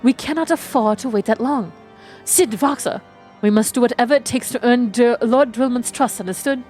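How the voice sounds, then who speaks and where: A woman's voice: fairly high pitch, moderate pace, darkish tone, soft background music, lightly acted. A woman with a cold, reading the firm lines of a stern woman officer from a game. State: has a cold.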